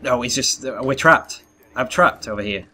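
This young gaming YouTuber has a bright, forceful tone at medium pitch and speaks at normal speed. He commentates his gameplay live, chatting to viewers and groaning at misses, with faint gunfire and game sounds behind him.

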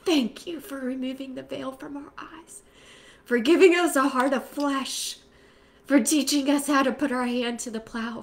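A woman leads her group in prayer with a bright, fairly high voice. She speaks slowly, rising to loud, fervent calls and falling to near whispers. A faint hiss sits behind her. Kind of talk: spoken prayer and encouragement.

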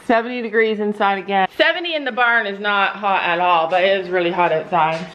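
Standing in a barn on her family's farm, a Canadian vlogger in middle age talks casually to the camera, cooing at her dogs and laughing a lot. Her mid-range voice is a bit bright and a little fast, and the audio has its highs cut off.

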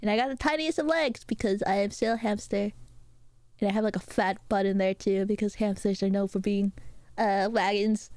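A woman streamer chatting casually with her viewers while drawing, playful and rambling, with many filler pauses. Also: medium pitch, steady tone, darkish tone, no room sound.

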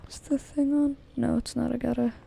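This woman streams herself playing a game and addresses her audience directly, easily spooked and repeating herself out of nerves. Her slightly high voice is creaky and mellow, a little fast, with little pitch movement.

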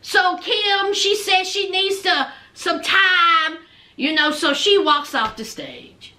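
A woman with an extremely high, sharp, expressive voice takes her time recapping a reality show. She's chatty and sassy, retelling scenes and quoting what people said.

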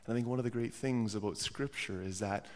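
A man's voice: medium pitch, a little fast, a little mellow. A man preaching a sermon as pastor while he has a cold, earnest and often repeating words as he restarts his phrases. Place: church sanctuary. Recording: long church hall reverb.

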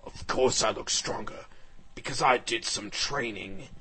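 A man voicing a boastful male dragon sidekick, talking slowly and low. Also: bright, forceful tone, low-quality recording. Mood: smug.

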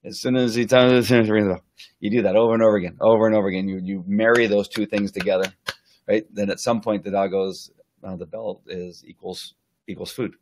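A man's voice: fairly low pitch, fairly even intonation, a little mellow. A man who trains dogs giving a casual, rambling live-stream lesson, full of fillers and restarts, sometimes acting out what the dog thinks. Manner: acts out the dog's thoughts in quick asides.

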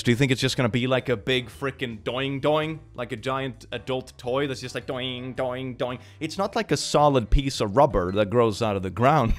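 A man's voice: medium pitch, expressive, moderate pace. A man hosting a comedic reaction commentary on memes, sarcastic and mocking, laughing often. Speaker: channel host.

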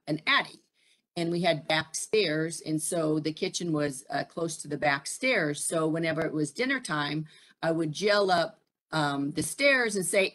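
Low-voiced woman leading a workshop. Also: fairly bright tone. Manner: frequent fillers and pauses, asks the audience questions. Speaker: presenter at a military family program. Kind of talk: live-streamed workshop talk.

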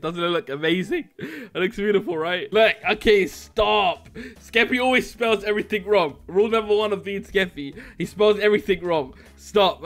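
Giggly high-voiced gaming YouTuber man. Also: a bit bright. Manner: giggly, laughs through his lines. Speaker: YouTuber playing a game. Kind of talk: casual gameplay commentary.

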